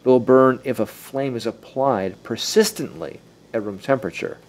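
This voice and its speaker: A man's voice: medium pitch, normal speed. A man co-hosting a casual podcast, joking and stumbling a little as he reads from his notes. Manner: jokey, stumbles while reading aloud. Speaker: podcast co-host. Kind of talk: casual chat, reading from notes.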